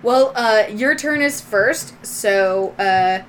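A woman's voice: medium pitch, slow, a little hiss or hum. A woman narrating as game master of a tabletop game, describing scenes in a loose, descriptive way with fillers.

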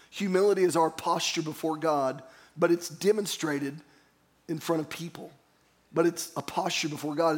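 A man pastor preaching a sermon, earnest and storytelling, calling on the congregation to repeat phrases after him. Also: a little high.

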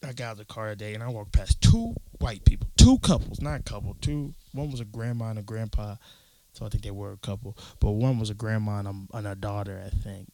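A young man talking on a casual podcast, telling stories with a lot of swearing, acting out what people said and breaking into sudden loud outbursts. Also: fairly low pitch, brisk. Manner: animated, profane storytelling with acted-out quotes and sudden loud outbursts. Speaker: podcast co-host.

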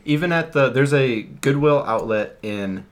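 A man's voice: mid-range voice, expressive, measured pace. A man co-hosting a casual podcast, talking loosely, swearing freely and laughing at himself. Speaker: podcast co-host.

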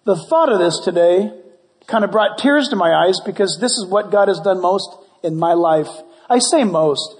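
High-voiced animated pastor guy, joking sermon, echoing church hall. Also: normal speed. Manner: animated, conversational preaching with jokes. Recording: long church hall reverb.

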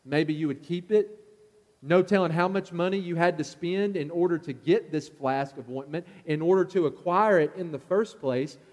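High-voiced preacher in an echoing hall. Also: male voice. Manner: animated, acts out the scolding crowd's lines. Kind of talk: sermon. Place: church sanctuary. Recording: long church hall reverb.

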